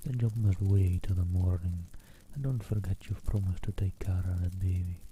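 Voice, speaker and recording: A man voicing a steady, polite village blacksmith in a whispered role-play. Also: low voice, normal speed, a little hiss or hum, lightly acted. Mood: calm.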